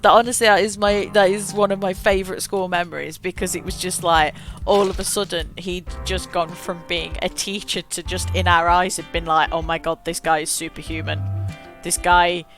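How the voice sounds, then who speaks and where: A young woman streaming a game, telling a long school memory in a rambling, animated way with frequent laughs and self-corrections. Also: on the low side, moderate pace, soft background music. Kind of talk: casual storytelling while gaming.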